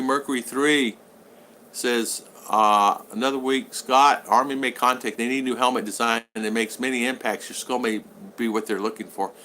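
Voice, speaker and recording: A man's voice: medium pitch, sharp tone, slight background noise. An older man telling rambling stories and answering his live chat, with many restarts and fillers. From United States. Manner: rambling anecdotal storyteller with frequent restarts. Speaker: vlogger reading live chat. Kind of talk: casual livestream chat.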